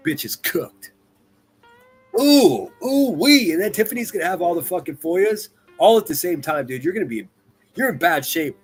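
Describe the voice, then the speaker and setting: A man hosting a livestream, reacting to clips with profane mockery, jumping from loud outbursts to muttered asides. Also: on the high side, expressive, brisk, husky, soft background music. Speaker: livestream commentator.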